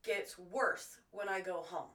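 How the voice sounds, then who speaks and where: A woman from the American South with a Southern twang, co-hosting a true crime podcast with crude, deadpan jokes. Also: fairly low pitch, takes it slowly, reverberant, far from the mic, low-quality recording. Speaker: podcast co-host.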